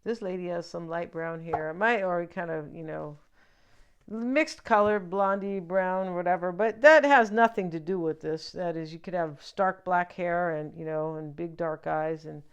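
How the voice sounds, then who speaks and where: A woman's voice: lowish voice, a little slow, clear, resonant tone. A woman giving a casual tarot reading, chatty and joking, with lots of fillers and asides to the viewer. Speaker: tarot reader.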